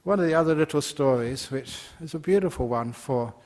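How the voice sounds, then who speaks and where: A man's voice: a little high, a little fast, a little mellow. A man, a Buddhist monk, giving a dharma talk and telling stories playfully while laughing at his own jokes.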